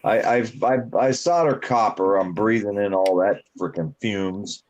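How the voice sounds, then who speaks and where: A man ranting gruffly in casual chat. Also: fairly low pitch, unhurried, darkish tone, muffled recording. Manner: gruff, grumbling rants.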